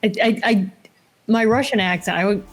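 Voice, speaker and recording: A woman's voice: medium pitch, moderate pace, faint music behind. A woman guest on a podcast, recorded on a home microphone, sounding eager and giggly. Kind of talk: casual podcast chat.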